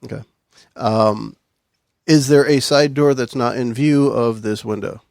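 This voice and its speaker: A man playing a tabletop game, describing his moves in a relaxed, wry way. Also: medium pitch, a little slow, vocal fry, no echo, studio quality. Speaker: player. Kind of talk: casual tabletop game chat.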